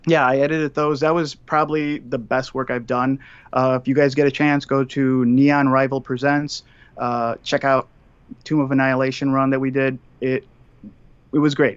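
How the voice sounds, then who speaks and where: A man's voice: medium pitch, fairly even intonation, moderate pace, smooth, no room sound. A man calling in as a guest for casual chat, rambling with many fillers. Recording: dull, dry call-in line.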